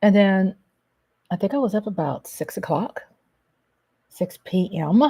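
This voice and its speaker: A woman hosting a casual livestream, reading viewers' comments aloud and chatting in a slow, affectionate way, often calling them baby and darling. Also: medium pitch, lively intonation, mellow, breathy edge. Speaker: livestream host reading chat.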